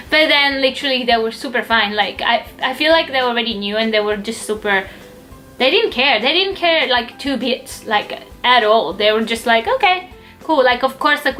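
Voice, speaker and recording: A woman vlogger tells a personal story in a relaxed, chatty way, acting out what others said. Her voice is bright and a little high, with faint music behind her. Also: rough recording. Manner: chatty, lots of fillers and acted-out quotes. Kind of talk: casual storytelling.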